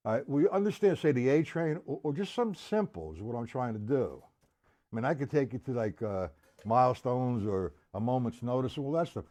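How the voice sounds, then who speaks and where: A man's voice: medium pitch, animated, moderate pace, warm tone. A man teaching a live-streamed drum lesson, breaking patterns down step by step, counting beats aloud and speaking to viewers by name.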